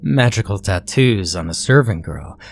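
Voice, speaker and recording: A man narrating a horror story in scripted, measured delivery. His voice sits low, and he keeps a steady storytelling pace. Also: creaky, slight background noise.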